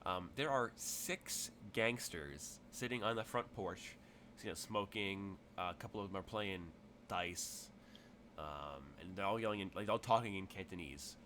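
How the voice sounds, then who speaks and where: A man's voice: low-pitched, a little slow, sharp tone, a little hiss or hum. A man narrating a tabletop game as game master, rambling with many fillers and restarts.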